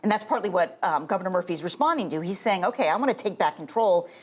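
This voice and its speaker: Animated woman explaining health policy. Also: lowish voice. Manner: explanatory, measured. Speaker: guest, health policy expert. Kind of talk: TV interview.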